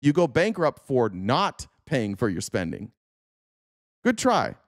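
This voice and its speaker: A man hosts a casual political livestream, reacting to clips with animated, sarcastic commentary and frequent swearing. His voice sits at a middle pitch. The sound is dry and close, with little room echo. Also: slow.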